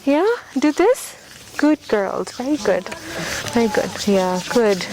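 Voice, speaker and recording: A woman volunteering with a charity speaks through a mask as she teaches children to use sanitizer and face masks, patiently repeating herself and frequently checking they've understood. Her mid-range voice is animated and slow, with loud music playing underneath and noise in the background.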